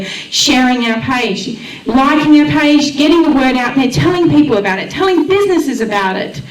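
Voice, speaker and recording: Australian woman, high voice, heartfelt and persuasive, far from the mic. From Western Australia. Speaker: community radio volunteer presenter. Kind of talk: emotional public speech at a launch event. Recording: echoey room, voice far from the mic.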